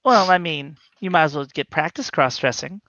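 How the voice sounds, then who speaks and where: A woman at a gaming table, upbeat and urging the others on. Her voice sits on the low side. The sound is dry and a little muffled. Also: animated, moderate pace, fairly bright tone, no echo. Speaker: player.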